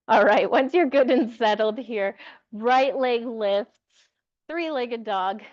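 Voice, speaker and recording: A woman's voice: on the high side, slow pace, dry recording, lo-fi sound. Woman guiding a yoga class. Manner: encouraging, light laughs, calm cues. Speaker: yoga teacher. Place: yoga studio with music.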